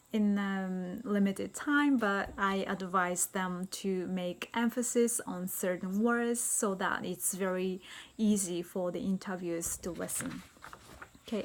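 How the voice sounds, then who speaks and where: A woman teacher walks tutors through a speaking test, taking her time with each step. She reads example lines aloud with careful emphasis, at an unhurried, deliberate pace. A faint hiss sits under her voice. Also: medium pitch. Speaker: English teacher briefing tutors. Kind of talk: instructional explanation. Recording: faint background noise.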